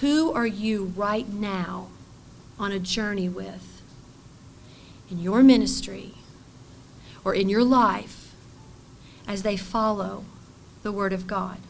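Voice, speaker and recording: A middle-aged woman preaching a sermon to women, earnest, moving between bold declarations and soft, hushed passages. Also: mid-range voice, slow pace, gravelly, long pauses, a little hiss or hum. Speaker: pastor's wife speaking to women.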